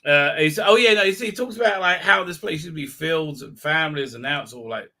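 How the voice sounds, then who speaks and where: A man's voice: a little high, a little fast. A man hosting a casual live stream, rambling through a recap with profanity, sarcasm and lots of fillers. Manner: acts out characters' lines in shouted voices. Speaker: live-stream show host.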